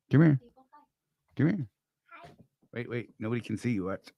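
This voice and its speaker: A man's voice: on the low side, expressive, normal speed, gravelly, long pauses, dry recording, lo-fi sound. An older man co-hosting a casual live stream, joking, teasing and greeting viewers by name.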